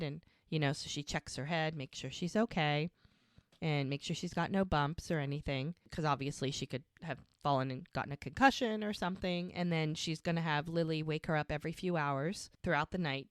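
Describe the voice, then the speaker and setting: Chatty podcast lady recapping a show, lowish voice, dry sound. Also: clean tone, no echo. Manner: chatty, rambling with fillers. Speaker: podcast co-host. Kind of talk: casual episode recap.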